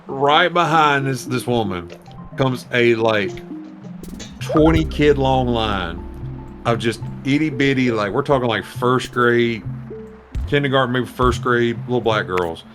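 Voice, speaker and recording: A man casually telling an animated, profane story to friends on a live show. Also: medium pitch, measured pace, music in the background.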